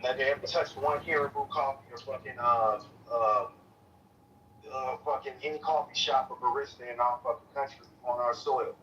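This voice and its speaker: A man in a heated political argument, talking in a profane, repetitive way with lots of forceful restarts. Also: mid-range voice, steady tone, moderate pace. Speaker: debate participant. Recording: distant lo-fi stream audio with faint noise.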